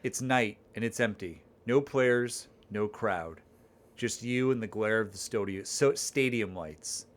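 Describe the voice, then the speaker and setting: A man's voice: on the low side, unhurried. A man streaming his own text game, reading its narration aloud and chatting playfully, rambling with restarts.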